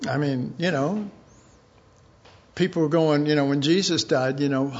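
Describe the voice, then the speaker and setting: A man's voice: a little high, measured pace, pauses often, a little mellow, dull audio. A man preaching an informal sermon in a rambling, folksy way, chuckling now and then.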